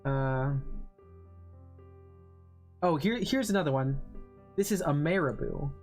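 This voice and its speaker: A man's voice: on the high side, expressive, slow, soft background music. A man streaming casually, reading internet copypastas with mock-menacing dramatic delivery.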